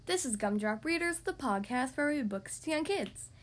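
Upbeat woman host, kids' story reader, high lively voice. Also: normal speed. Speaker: podcast host reading to kids. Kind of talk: children's storybook reading.

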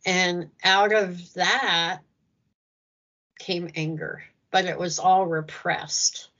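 A woman's voice: lowish voice, fairly even intonation, extremely slow, a bit bright, lo-fi sound. A woman speaking earnestly about faith in an interview, acting out prayers in a lifted voice. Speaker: guest speaker on Christian ministry. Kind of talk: conversational interview.

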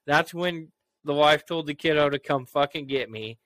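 A man telling a story in casual conversation, swearing freely and acting out his own shouted reactions. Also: a little high, moderate pace, no room sound. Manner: animated, profane storytelling that acts out raised voices. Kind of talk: casual chat.

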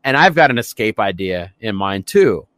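A man co-hosting a casual podcast, riffing on old movies with profanity and sudden shouted impressions. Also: fairly low pitch, sing-song, normal speed, no room sound. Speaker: podcast co-host.

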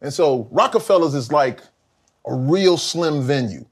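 Middle-aged male guest, animated raconteur, voices the people in his stories. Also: a little slow, husky. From South Carolina, US. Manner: animated storyteller, acts out quotes with big pitch jumps. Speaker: guest, former band vocalist. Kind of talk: casual interview storytelling.

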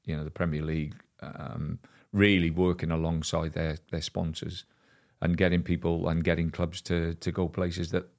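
A man in his sixties, a former football manager, answering questions in a measured, conversational way. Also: low voice, little pitch movement, gravelly, a little mellow. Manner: measured, frequent "you know" and restarts. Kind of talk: casual interview chat.

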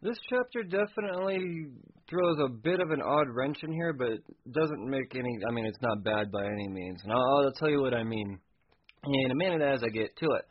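A man talks through a comic book chapter in a loose, profane way, laughing at bits as he goes. His voice sits at an ordinary middle pitch. The recording sounds dull and lo-fi. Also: lively intonation, brisk, husky. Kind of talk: casual recap chat.

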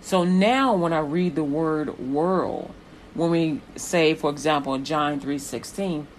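A woman's voice: low voice, slow, a little hiss or hum, poor audio. A woman preaching a sermon with rhythmic repetitions that build in intensity.

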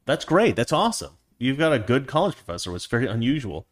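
A man's voice: mid-range voice, very animated, fast. A man hosting a casual livestream, reading viewer comments and chatting in a rambling, self-correcting way with frequent laughs. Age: adult, past his teens.

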